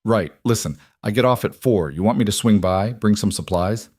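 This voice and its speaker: A man voicing a calm, practical young woman nurse in a read-aloud story, steady and reassuring. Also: fairly low pitch, normal speed, husky, dry recording, studio quality. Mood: concerned, practical. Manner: steady, reassuring, matter-of-fact. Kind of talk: scripted story reading.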